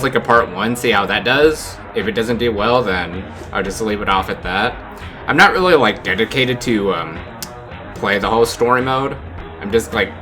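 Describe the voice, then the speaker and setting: A man's voice: lowish voice, bright, forceful tone. A young American man giving casual, rambling gameplay commentary as a YouTuber, saying "like" a lot. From United States. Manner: casual, rambling, heavy use of "like". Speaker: gaming YouTuber.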